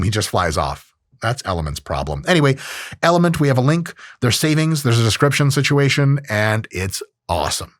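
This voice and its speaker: A man's voice: mid-range voice, brisk, no room sound. A man hosting a fitness commentary, joking and swearing casually as he explains training and does a comic ad read. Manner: animated, profane, joking. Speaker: host, exercise scientist.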